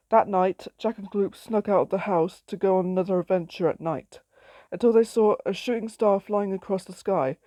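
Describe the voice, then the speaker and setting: A woman's voice: medium pitch, moderate pace, dark tone, no room sound. A woman reading her own story aloud in a plain, simple storytelling way.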